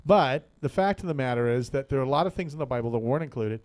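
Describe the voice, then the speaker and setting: A man hosting a radio talk show in the studio spins a rambling joke in easy conversation, often laughing and repeating words. He talks quickly with lively intonation, in a medium-pitched, darkish voice.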